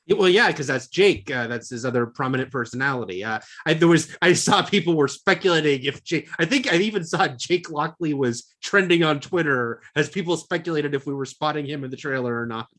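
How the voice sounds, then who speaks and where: A man's voice: on the high side, a little fast, few pauses, fairly bright tone. A man co-hosting a film podcast, chatting casually and rambling with lots of fillers. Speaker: podcast co-host. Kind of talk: casual chat.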